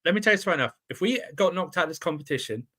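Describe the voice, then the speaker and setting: Dramatic bright-voiced man talking football. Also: fairly high pitch, very fast. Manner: dramatic, swearing oaths, animated. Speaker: football panel guest, Chelsea fan. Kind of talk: casual football debate.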